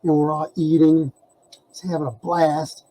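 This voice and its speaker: A podcast guest with a fairly high but dark voice tells a casual story slowly and with flat delivery, captured in a low-quality recording. He rambles, laughs, and leans heavily on "you know."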